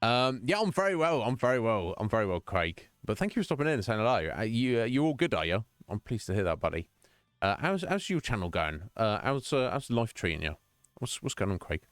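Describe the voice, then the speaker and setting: A man's voice: mid-range voice, big pitch swings, fairly quick, clear, resonant tone, no room sound, faint music behind. A man streaming live, chatting casually and jokingly with his viewers in a rambling way. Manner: rambling, jokey, chatty, addresses viewers by name.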